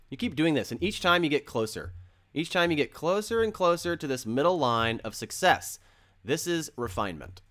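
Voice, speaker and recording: A man's voice: medium pitch, fairly bright tone. A man hosting a crypto channel, talking casually and earnestly and repeating phrases for emphasis while he explains with drawings.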